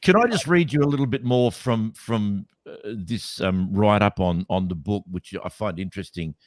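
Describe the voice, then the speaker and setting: A man's voice: lowish voice, normal speed, no echo. A man co-hosting a podcast, talking skeptically in a casual debate with many restarts. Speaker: podcast co-host.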